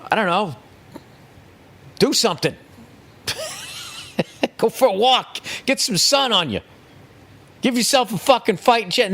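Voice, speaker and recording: A man's voice: high voice, fairly bright tone. A man hosting a podcast, delivering a profane, sarcastic comedic rant monologue. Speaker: podcast host.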